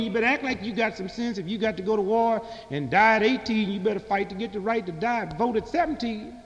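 A man's voice: high voice, quick pace, few pauses, long reverb tail. A man delivering a political stand-up monologue in a fiery, preaching, sarcastic manner to a live audience. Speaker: comedian and speaker.

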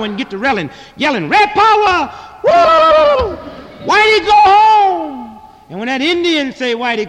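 Fiery high-voiced man orating in a hall. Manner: impassioned, rhythmic, sarcastic, swings from loud to hushed. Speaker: political activist speaker. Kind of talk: fiery speech to a live audience. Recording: long reverb in a large hall.

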